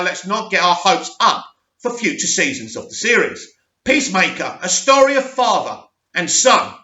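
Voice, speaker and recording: A young man with a high, bright, forceful voice reads entertainment news, trips over names and breaks off into his own opinions. His voice is a touch hoarse. The sound is roomy and a little dull. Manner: reads aloud, stumbles on names, adds opinionated asides. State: slightly hoarse voice. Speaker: host. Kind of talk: reading news articles with commentary.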